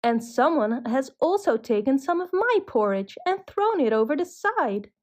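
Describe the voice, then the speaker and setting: A woman voicing a calm mother bear in a storybook cartoon, speaking in an even middle tone. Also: high voice, moderate pace, voice pushed up. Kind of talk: storybook reading.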